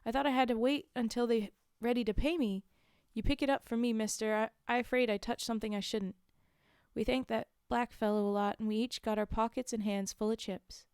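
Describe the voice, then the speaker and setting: A streamer reads a book aloud during a casual live stream, her fairly high voice smooth, clear, steady, and a little mellow. She sits close to the mic in a dry space with no room sound. She reads the text plainly but stops now and then for chatty, amused asides.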